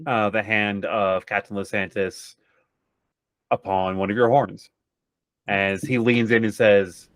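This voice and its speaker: A man narrating as game master, unhurried and with many fillers. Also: lowish voice, flat delivery, fairly bright tone, dry recording.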